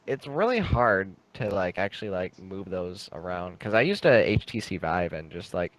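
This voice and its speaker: A man with a fairly low but lively voice talks casually on a podcast. He stops and restarts as he searches for words. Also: normal speed, low-quality recording. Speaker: podcast co-host. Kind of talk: casual chat.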